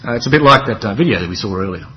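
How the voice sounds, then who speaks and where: A man's voice: lowish voice, animated, rapid-fire, lo-fi sound. A man preaching a sermon in a conversational, wry way, with dramatic emphasis and offhand asides.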